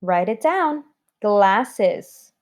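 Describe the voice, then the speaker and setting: Woman teacher doing a spelling lesson for kids, slow and careful, spells each letter out. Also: medium pitch, animated. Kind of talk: recorded spelling lesson for children.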